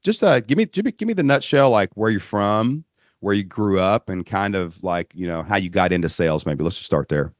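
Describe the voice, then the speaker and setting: A deep-voiced man with a Kentucky drawl hosts a casual podcast chat. He tells stories in a folksy, lively way, and the recording is close and dry. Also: brisk, no room sound. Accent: Southern US (Kentucky). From Southeast Kentucky. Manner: animated storyteller, folksy phrasing. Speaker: podcast host.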